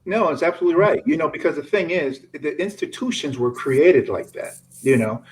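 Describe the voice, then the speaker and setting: A man's voice: a little high, animated, a little fast, poor audio. A man co-hosting a podcast, speaking in an earnest, affirming, explanatory way in casual conversation. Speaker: podcast co-host.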